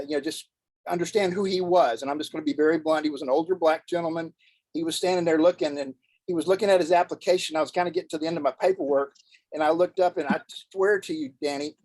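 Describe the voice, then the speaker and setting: A man's voice: a little high, no room sound, poor audio. A man on a video call, telling a personal story in an earnest, folksy way as a guest speaker.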